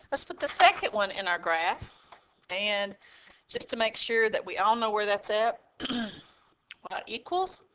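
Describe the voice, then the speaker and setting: Bright-voiced woman teaching math. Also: mid-range voice, poor audio. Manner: patient, step-by-step explaining with frequent "okay?" checks. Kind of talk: classroom lesson walkthrough.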